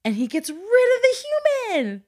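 Animated woman with a lively voice. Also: extremely high pitch, moderate pace. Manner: animated storyteller who acts out quotes in exaggerated voices and laughs often. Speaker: podcast host; adoptive mother. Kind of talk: casual chat.

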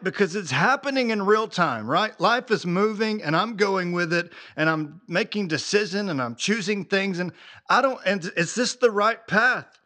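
A man giving a faith talk in a relaxed, chatty way, with a slightly higher voice than most men. He tells his story in a lively way, full of casual fillers. He sounds like a podcast host talking straight to his listeners. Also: moderate pace.

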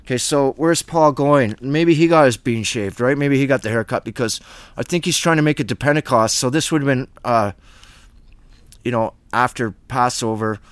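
A man's voice: medium pitch, moderate pace, smooth, no echo. A man reading scripture aloud and commenting on it in a casual, riffing verse-by-verse bible study. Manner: reads scripture then riffs on it with asides.

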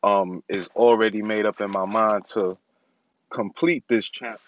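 This podcast host, a young man, offers a casual, wandering update from inside his parked car, with plenty of ums. His voice is lowish and steady in tone, his pace measured, and the sound is lo-fi.

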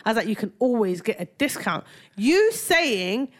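Animated woman in casual podcast chat. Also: normal speed. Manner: animated, exasperated, jumps higher when quoting. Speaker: podcast co-host.

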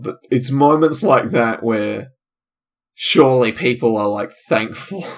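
A man, a comedian, hosting a solo podcast in a loose, rambling, digressive way, with frequent trailing-off asides. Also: mid-range voice. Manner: casual, loose and digressive, trailing off, many fillers.

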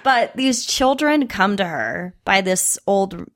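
A woman's voice: mid-range voice, animated, slow, a bit bright. A woman co-hosting a casual movie chat, giggling often and slipping into silly voices. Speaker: podcast co-host.

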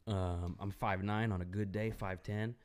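Young guy w a lowish voice, swearing a lot, just chatting on his podcast. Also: unhurried. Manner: profane, animated storytelling. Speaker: podcast host. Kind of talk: casual chat.

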